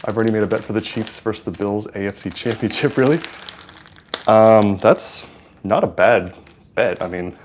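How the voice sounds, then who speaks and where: Casual streamer guy, lapel mic, slightly low voice, lots of ums, gets hyped at big plays. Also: moderate pace, darkish tone, slight background noise. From California. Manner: chatty, hesitant with many fillers, hyped at plays. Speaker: livestream host. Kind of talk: casual live-stream chat and game commentary.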